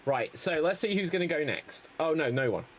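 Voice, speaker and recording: Lively rambling man hosting improv. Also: on the high side, a little fast, background noise. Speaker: improv comedy host.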